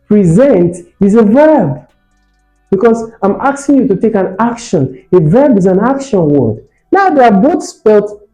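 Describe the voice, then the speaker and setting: A man's voice: on the high side, warm tone, echoey room, low-quality recording. A man teaching an exam-prep English lesson, demonstrating stress and rising tones and asking his students questions. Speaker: English tutor.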